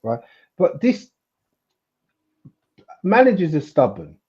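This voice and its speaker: A man's voice: fairly high pitch, wildly swooping pitch, slow pace, mellow. A man co-hosting a football podcast, talking bluntly and repeating himself when he is exasperated. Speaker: podcast co-host. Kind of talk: casual football chat. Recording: dull lo-fi sound.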